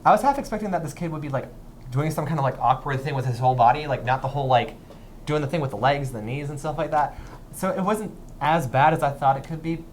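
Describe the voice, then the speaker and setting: A woman's voice: low-pitched, fast, darkish tone, a little hiss or hum. A young woman co-hosting a casual chat about viral videos, chatty and wry. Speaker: co-host.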